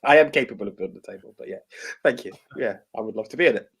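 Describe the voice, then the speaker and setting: A man's voice: lowish voice, racing, creaky, a bit bright, breathy edge. A man co-hosting a podcast in casual chat, telling stories animatedly with many restarts. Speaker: podcast co-host.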